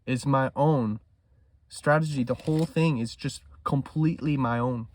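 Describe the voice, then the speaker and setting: In an intense trading vlog monologue, a man swears freely and swings between loud emphasis and hushed talk. His voice is medium-pitched and moves at normal speed.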